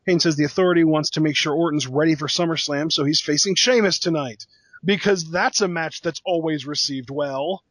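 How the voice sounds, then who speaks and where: A man's voice: a little high, brisk, fairly bright tone, no echo. A man co-hosting a casual wrestling recap podcast, speaking in a wry, laid-back way. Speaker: podcast co-host.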